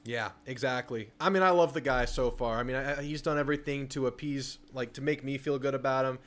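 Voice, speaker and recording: A man's voice: medium pitch, a little fast, fairly bright tone. A man hosting a sports call-in show, talking casually with blunt, enthusiastic energy.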